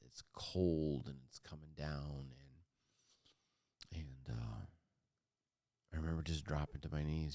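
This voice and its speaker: Very deep, gravelly-voiced man telling his story. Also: darkish tone, dry recording, clean studio sound. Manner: halting, many fillers and restarts, earnest. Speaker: podcast co-host. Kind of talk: personal storytelling.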